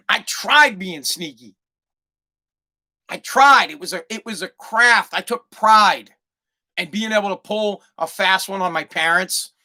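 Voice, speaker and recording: American guy ranting on his podcast, swears nonstop, bright sharp voice, gets loud and animated. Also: high-pitched. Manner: animated and profane, swears constantly. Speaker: podcast host. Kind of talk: profane comedic storytelling.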